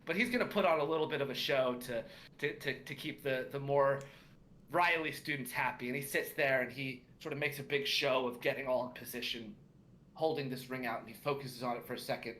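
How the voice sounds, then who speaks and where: A man narrates a tabletop game as game master in a bright, clear voice at a middle pitch. He is hesitant, often filling pauses as he goes. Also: slight background noise. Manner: hesitant, many fillers.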